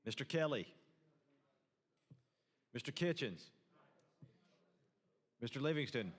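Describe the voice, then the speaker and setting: A man serving as senate secretary, calling the roll name by name in a measured, even delivery. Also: mid-range voice. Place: large legislative chamber. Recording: long reverb of a large hall.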